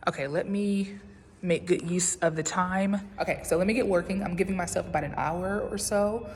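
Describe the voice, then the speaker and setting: A woman in her twenties, a doctoral student, chats upbeat to her phone camera as she walks outdoors across campus, a little out of breath. Her voice is fairly low, mellow, and moderately paced, with slight background noise behind this casual vlog.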